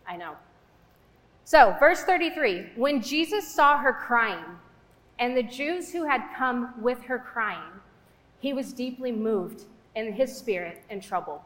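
A woman's voice: a little high, lively intonation, unhurried, fairly bright tone. A young woman giving a casual, conversational sermon, chatty and full of fillers, in a church hall. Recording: echoey hall with long reverb.

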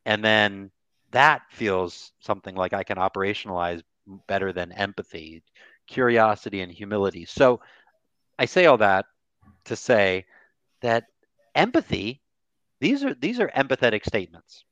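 Male grief therapist guest, animated and candid, lo-fi dry sound. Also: fairly low pitch, moderate pace, dry recording. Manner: animated, acts out quoted voices, swears casually. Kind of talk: candid podcast conversation.

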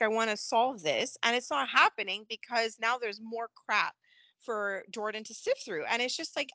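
A woman's voice: a little high, fairly bright tone, husky, no room sound. A woman co-hosting a podcast, chatting animatedly about a soap opera, laughing often and acting out the characters' lines. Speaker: podcast co-host. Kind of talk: casual fan recap chat.

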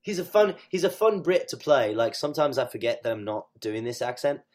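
A man, a stage actor, chatting as an interview guest, animated and full of fillers. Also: mid-range voice, brisk. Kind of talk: casual interview chat.

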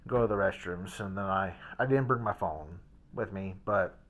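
Young man, bright tone, rambling, casual storytelling, hotel room vlog. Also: deep voice, normal speed. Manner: rambling, with many restarts and fillers. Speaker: vlogger.

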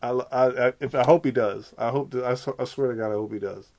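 A man hosting a comedy podcast in loose, rambling chat, full of slang and running jokes. His voice sits at an ordinary middle pitch with a gravelly, creaky texture. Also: quick pace, a little mellow. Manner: rambling, slangy, jokey storytelling. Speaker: podcast host.

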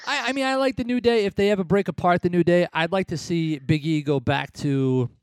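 A man's voice: high voice, fairly quick, clean tone, no room sound, studio quality. A man co-hosting a casual wrestling chat, rambling and blunt, often laughing at his own remarks. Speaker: podcast co-host.

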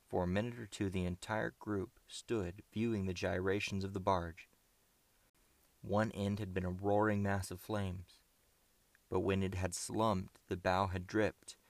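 A man reading an adventure story aloud in a steady, measured way. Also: sits low, creaky, dry recording. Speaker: audiobook narrator. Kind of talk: scripted audiobook narration.

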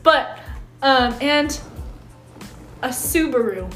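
A woman's voice: high voice, animated, very slow, a bit bright, faint music behind. A woman co-hosting a casual podcast chat over a card game, chatty and self-deprecating. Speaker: podcast co-host.

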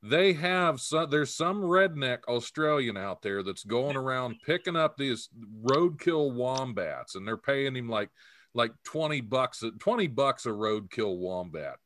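A man's voice: medium pitch, animated, measured pace, fairly bright tone, dry recording. A man hosting a casual comedy podcast, reading odd news stories aloud and laughing often. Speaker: podcast host.

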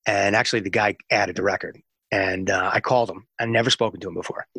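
Husky man telling lively stories. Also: low voice, quick pace, no echo. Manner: animated storyteller acting out dialogue. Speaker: music radio promotion executive. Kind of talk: storytelling in an interview.

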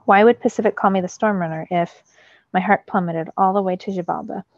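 A woman teacher reading a novel aloud to her students in a steady storytelling way. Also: medium pitch, brisk, no echo, muffled recording.

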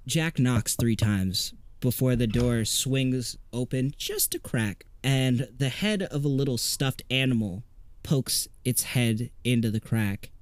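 A man's voice: medium pitch, slow. Man narrating a tabletop game. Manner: relaxed, descriptive storytelling. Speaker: game master.

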